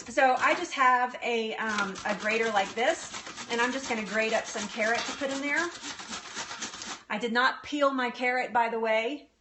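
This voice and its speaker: Bright and forceful, this fairly high female voice moves at a normal speed. She's a live-stream cooking host in her home kitchen, running a relaxed demo, chatting with viewers and laughing often.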